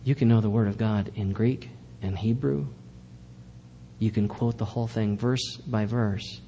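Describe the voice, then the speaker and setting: A male pastor delivers a sermon in a church, pressing his points with earnest, emphatic repetition. His voice is mellow and warm, and a faint rumble sits underneath it. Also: steady tone, a little slow, big-room sound.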